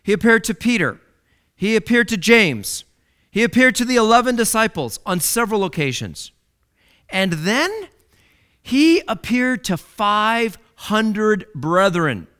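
A man preaching a sermon, with dramatic swings from loud declarations to hushed words and key phrases repeated for emphasis. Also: high-pitched, big pitch swings, unhurried, smooth.

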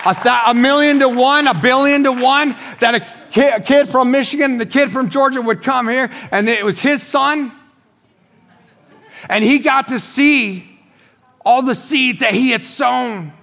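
A man in his forties, a pastor giving his testimony as a sermon on a church stage, telling his story with excitement and shouting at the high points. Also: unhurried, vocal fry, a faint crowd. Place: church stage before a congregation.

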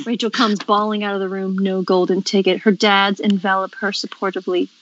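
A woman co-host reading script stage directions aloud in a brisk, matter-of-fact way. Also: mid-range voice, flat delivery, a bit bright, muffled recording, a little hiss or hum. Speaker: podcast co-host.

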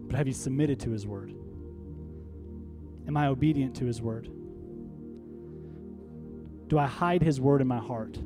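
This is a pastor's sermon, unhurried and full of frequent pauses, delivered by a man with a medium-pitched voice. He leads his congregation in call-and-response and climbs to emphatic, rallying crescendos over faint background music.

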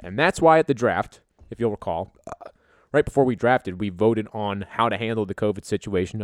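A man's voice: on the low side, no room sound. A young man hosting a casual podcast as a league commissioner, joking and swearing in a loose, rambling way from a home studio. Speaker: fantasy football league commissioner, podcast host. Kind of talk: casual profane podcast monologue.

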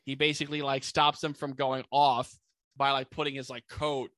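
A man casually recapping a movie plot, animated and full of "like" fillers, jumping into quick voices for the characters. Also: medium pitch. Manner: many "like" fillers.

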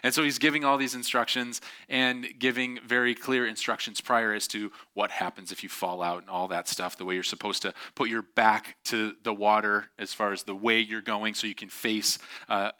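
A man telling a story in a lively way, acting out the voices of the people in it. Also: on the low side, moderate pace, few pauses. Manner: animated, acts out quoted voices. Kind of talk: storytelling talk.

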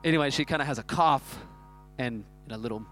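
A man, preaching a sermon that is built around a self-mocking personal story told in an animated way. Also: mid-range voice, fast talker, soft background music. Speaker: pastor.

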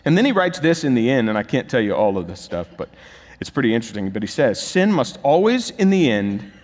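A man's voice: lowish voice, big pitch swings, fast talker, darkish tone. A man preaching a sermon as pastor, emphatic and building to urgent, rising peaks. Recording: long reverb of a large hall.

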